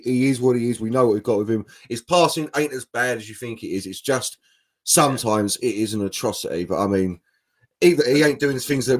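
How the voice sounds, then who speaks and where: A man co-hosting a casual football chat, animated and chatty. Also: medium pitch. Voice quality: animated, chatty, says mate and bro a lot. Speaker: podcast co-host.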